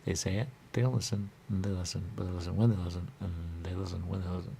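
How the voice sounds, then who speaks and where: A man's voice: low-pitched, steady tone, fast, gravelly, mellow, a little hiss or hum. A man talking on in a rambling, repetitive monologue as a radio show host, looping back to the same catchphrases.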